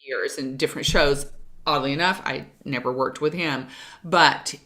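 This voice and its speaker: Low-voiced chatty woman telling stories. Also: normal speed, fairly bright tone. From Kentucky. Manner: chatty storyteller with many restarts. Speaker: guest, jazz vocalist. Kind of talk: casual chat.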